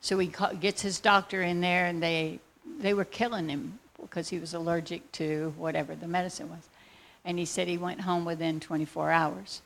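A woman telling a faith testimony as a lively, excitable story. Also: fairly low pitch, normal speed, gravelly, slight background noise. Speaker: speaker sharing a faith testimony.

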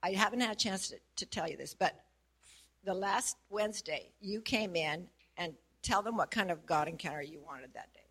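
A woman's voice: fairly low pitch, expressive, normal speed, fairly bright tone, slightly rough. A woman who works as a prayer facilitator, sharing her experience casually and earnestly, laughing often as she talks. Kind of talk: casual testimony.

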